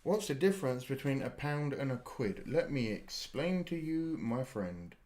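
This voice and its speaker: A man's voice: mid-range voice, expressive, measured pace, a little mellow. A British man hosting a live reaction stream, chatting casually, explaining slang and swearing freely as part of his everyday speech. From United Kingdom.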